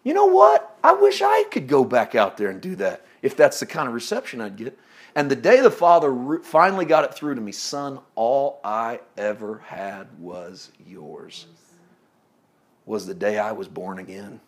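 A man preaching a sermon, swinging from loud exclaiming to hushed, intimate tones, often laughing as he talks. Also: mid-range voice, wildly swooping pitch, brisk, husky.

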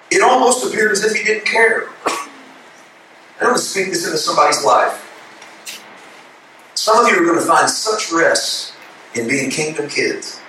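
A man preaching a sermon in a church, his voice somewhat high and bright, heard from a distance across a big echoing room. He moves from steady explanation into loud, fervent preaching, with faint room ambience underneath. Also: slight background noise. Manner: builds from calm teaching to shouted passionate preaching. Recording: echoey hall from a distance.

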